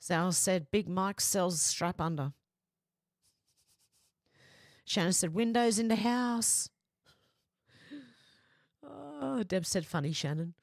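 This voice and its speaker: A woman's voice: mid-range voice, dry recording, clean studio sound. Chatty woman host reading live chat. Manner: reads viewer comments aloud, chatty and laughing. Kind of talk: casual livestream chat. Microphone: close desk microphone.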